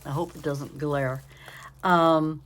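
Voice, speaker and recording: An older woman with a low, steady voice talks slowly as she hosts a casual crafting vlog from home. Tired and yawning, the craft channel host chats in a rambling, apologetic way.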